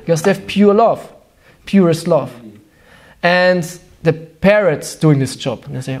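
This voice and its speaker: A man with a German accent gives a devotional sermon in English, which is not his first language. His voice sits high for a man. He tells stories with animation and sometimes gropes for the right word. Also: a little slow. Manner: searching for words, animated storytelling. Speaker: spiritual teacher.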